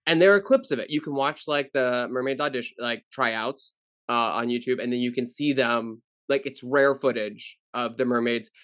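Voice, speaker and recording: A podcast co-host rambles through stories on a casual show, using plenty of fillers. His medium-pitched voice is a bit bright and moves at normal speed, recorded dry with clean studio sound.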